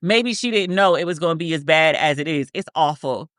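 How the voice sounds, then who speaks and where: A woman's voice: sits low, animated, brisk, fairly bright tone, dry recording, clean studio sound. A woman in her thirties co-hosting a podcast in casual chat, telling a story with lots of restarts and tangents. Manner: rambling, self-interrupting storyteller with frequent restarts. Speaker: podcast co-host.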